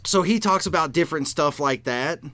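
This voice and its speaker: A man's voice: fairly high pitch, lively intonation, fairly quick, sharp tone, dry recording. A man co-hosting a podcast, chatting casually, laughing often and swearing now and then. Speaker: podcast co-host.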